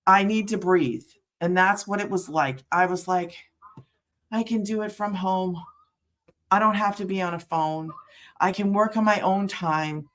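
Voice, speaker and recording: A woman's voice: mid-range voice, a little slow, a bit bright. A middle-aged woman promoting a work-from-home business in casual livestream chat, rambling and interrupting herself, laughing often.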